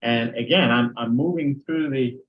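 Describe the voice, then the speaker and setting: Older male teacher trainer, mid-pitched, chatty lecture delivery, muffled lo-fi recording. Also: normal speed. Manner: conversational, acts out sample dialogues. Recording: dull lo-fi recording.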